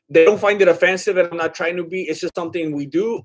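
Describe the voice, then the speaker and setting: A man's voice: sits high, a little fast, hardly any pauses. Chatty man hosting a live stream. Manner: chatty and scattered, laughing often. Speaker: livestream host. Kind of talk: casual live watch-along chat reading viewer comments.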